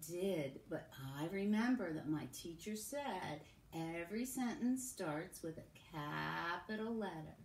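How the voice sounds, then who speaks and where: A woman teacher giving a recorded phonics lesson to young children, modelling sounds and sentences slowly. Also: lowish voice, expressive, distant mic. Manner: slow, sing-song, drawn-out modelling of sounds and sentences. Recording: echoey room with faint background hum.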